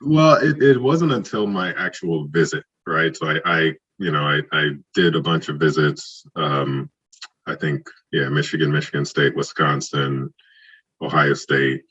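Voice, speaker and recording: Very deep-voiced man telling stories. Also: a little slow, husky, highs cut off. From Trinidad. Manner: animated, acts out quoted dialogue. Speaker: guest, former football player. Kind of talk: casual podcast storytelling.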